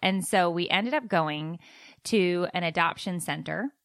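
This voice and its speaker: A woman's voice: lowish voice, measured pace, no echo, studio quality. A young woman co-hosting a chat show, telling a story with lots of acted-out dialogue. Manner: animated storyteller, acts out quoted dialogue. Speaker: podcast co-host.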